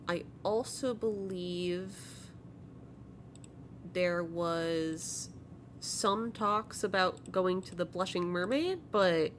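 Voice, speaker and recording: A woman game master narrates a tabletop session at an unhurried pace. Her delivery is relaxed and full of fillers, with faint noise in the background. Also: on the low side, creaky.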